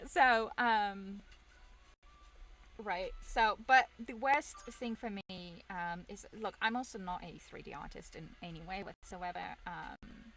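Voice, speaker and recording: A woman's voice: on the high side, expressive, moderate pace, a bit bright. A young woman streamer chatting casually with her viewers, rambling, self-deprecating and laughing often.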